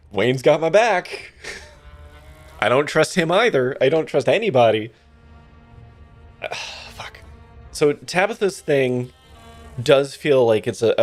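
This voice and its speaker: A man streaming a story game, reading the narration aloud and reacting with wry asides and swearing. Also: mid-range voice. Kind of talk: live let's-play commentary, reading the game text aloud.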